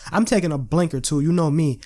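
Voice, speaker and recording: A man's voice: on the high side, fast, darkish tone. A young adult man telling a casual storytime with lots of slang and swearing, laughing as he goes. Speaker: vlogger.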